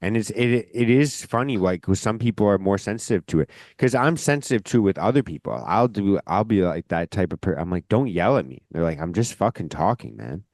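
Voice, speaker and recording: A deep-voiced man hosts a relaxed podcast, wandering through his thoughts with plenty of filler words. He talks with a loud, forceful edge that can come off as yelling. The sound is dry and close. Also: brisk, hardly any pauses, no echo. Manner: rambling, heavy on filler words. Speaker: podcast host. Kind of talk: casual podcast conversation.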